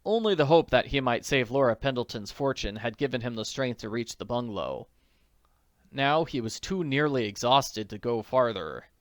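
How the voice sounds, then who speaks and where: A man narrating an audiobook in a measured, steady reading voice. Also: medium pitch, dry recording, studio quality.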